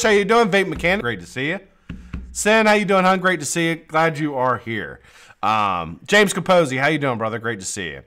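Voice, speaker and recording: Animated male live-stream host. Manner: animated shout-outs to chat viewers, swears casually; laughs often, drops low and quiet when explaining. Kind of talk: casual live-stream chat.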